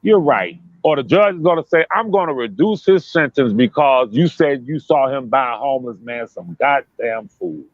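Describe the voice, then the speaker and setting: A man giving casual, profane commentary in an emphatic, animated way. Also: medium pitch, normal speed, hardly any pauses, no echo, highs cut off.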